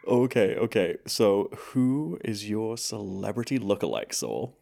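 A man with a Canadian accent hosts a casual podcast chat in a very deep voice that moves around a lot. He rambles and pokes fun at himself, often bursting into loud laughter. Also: big pitch swings, measured pace, creaky. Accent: Canadian English. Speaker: podcast host.

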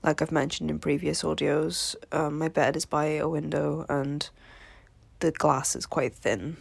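A woman who is unwell, speaking in a low, gravelly, raspy voice while lying in bed, softly and partly in a whisper. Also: fairly even intonation, dry recording. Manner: soft-spoken, half-whispered, slow, with small laughs. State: unwell, voice hoarse. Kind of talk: intimate spoken audio.

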